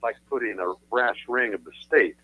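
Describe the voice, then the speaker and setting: Speaking at a moderate pace in a medium-pitched, sharp-toned voice, a male attorney on a radio talk show explains his views. He's emphatic and lecturing, repeating phrases for stress. The tinny phone audio is dry, with no echo.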